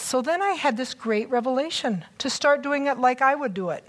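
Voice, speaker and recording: A woman preaching a conversational sermon, chatty and excitable, with self-mocking asides. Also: sits high, fairly quick.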